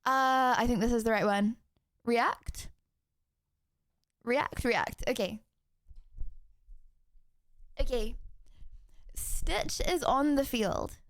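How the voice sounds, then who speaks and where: A woman's voice: a little high, very slow, pauses often, no echo, studio quality. A young woman from Texas streaming live, chatting with her viewers in a giggly, casual way, with music playing behind her. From Houston, Texas. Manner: giggly, chatty, talks to chat. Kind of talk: casual livestream chat. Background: background music.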